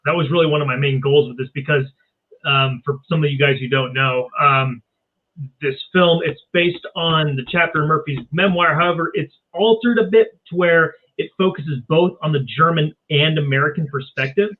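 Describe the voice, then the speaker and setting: A man's voice: fairly high pitch, normal speed. A man, a filmmaker guest, chatting earnestly on a podcast call with many fillers. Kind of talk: casual podcast chat. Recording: tinny phone-like call audio.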